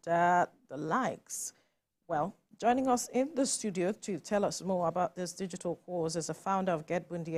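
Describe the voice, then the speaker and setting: A woman with a Nigerian accent hosting a morning TV studio interview, asking probing questions. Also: fairly low pitch. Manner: probing, animated when pressing a point. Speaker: TV morning show host.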